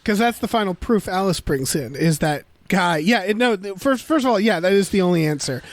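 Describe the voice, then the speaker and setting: A man's voice: high-pitched, fairly quick, dry recording. A man co-hosting a podcast in casual chat, rambling and acting out quotes from a film. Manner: rambling, animated, acts out quotes. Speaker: podcast co-host.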